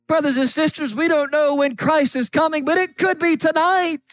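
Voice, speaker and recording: High-pitched guy preaching, fervent, reading scripture, dry close sound. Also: steady tone, normal speed, hardly any pauses, no echo. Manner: fervent, rising to shouts on key points. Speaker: pastor.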